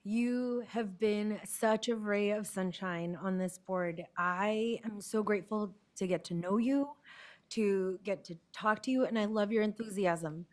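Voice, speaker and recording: A school board member offering warm, enthusiastic praise at a meeting. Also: female voice, mid-range voice, a little slow.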